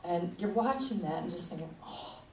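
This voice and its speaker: A woman's voice: lowish voice, unhurried, mellow. A woman spiritual leader giving a conversational sermon, chuckling often as she talks. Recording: echoey hall, mic at a distance, faint noise.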